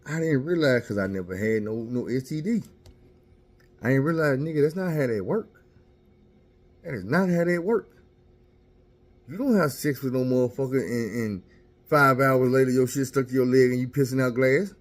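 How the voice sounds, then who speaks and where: A man telling a personal story in a casual, unfiltered way, full of swearing. He is frank and laughs at his own mistakes. His voice sits at a middling pitch. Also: animated, moderate pace, long pauses. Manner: profane, candid, self-mocking.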